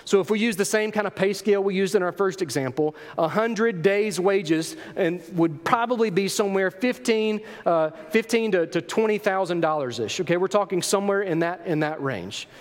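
A man preaching a sermon, telling the story with animated emphasis and rhetorical questions to his congregation. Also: high voice, normal speed, few pauses, long reverb tail. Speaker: pastor.

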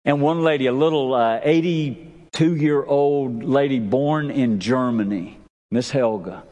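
A man preaching a sermon as pastor, emphatic, with big swings in pitch and pace. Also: darkish tone. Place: church sanctuary. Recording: long reverb of a church sanctuary.

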